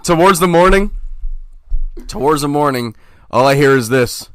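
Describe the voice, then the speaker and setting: Lively swearing young man telling a story. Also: on the high side, normal speed, background noise. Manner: animated storyteller, swears a lot, acts out quotes. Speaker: podcast co-host. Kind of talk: casual chat.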